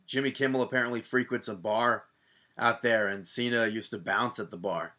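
A man co-hosting a podcast, chatting casually and telling stories with lively, acted-out quotes. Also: on the low side, moderate pace. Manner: animated storyteller, acts out quoted voices. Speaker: podcast co-host. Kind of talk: casual wrestling chat.

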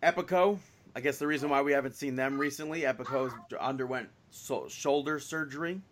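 A man's voice: mid-range voice, fairly quick, fairly bright tone, a little hiss or hum. A man co-hosting a podcast in casual chat, rambling and leaning on filler words as he talks. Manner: rambling, heavy use of "like". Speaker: podcast co-host.

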